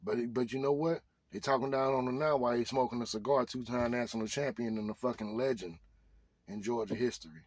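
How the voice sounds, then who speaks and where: A man's voice: mid-range voice, fairly quick. A man delivering a motivational rant to his viewers, hammering the same rhetorical questions again and again in slangy speech. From Arkansas. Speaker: vlogger.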